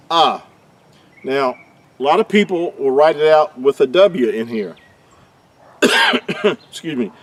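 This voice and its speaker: A man giving an unscripted religious teaching, explaining slowly and deliberately, often restarting and repeating words as he goes. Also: medium pitch, a little mellow. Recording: voice distant from the mic.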